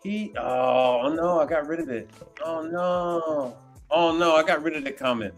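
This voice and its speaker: A man hosting a casual livestream, animated and slangy, laughing often as he reacts to comments. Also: fairly high pitch, a little slow, faint music behind. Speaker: livestream host.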